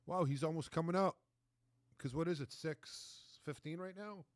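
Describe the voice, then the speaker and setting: A man's voice: fairly high pitch, moderate pace, no room sound, studio quality. A man co-hosting an online recovery meeting who jokes and teases the others. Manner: playful, teasing. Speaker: podcast co-host. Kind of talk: joking banter. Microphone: video call.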